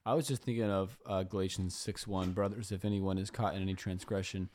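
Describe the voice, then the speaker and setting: A man's voice: sits low, steady tone, brisk, a little mellow, a little hiss or hum. A man co-hosting a casual Bible discussion podcast, thoughtfully raising questions and quoting scripture. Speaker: podcast co-host.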